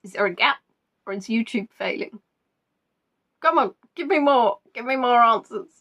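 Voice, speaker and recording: A woman's voice: a little high, expressive, moderate pace, bright, forceful tone, lo-fi sound. Chatty woman hosting a live quiz. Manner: chatty, giggly, reads out viewers' answers. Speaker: quiz host.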